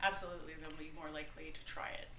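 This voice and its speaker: A woman's voice: low-pitched, fairly even intonation, racing, sharp tone, reverberant, slight background noise. A woman expert guest giving parenting advice in an interview, upbeat and full of filler ums. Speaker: family health expert guest.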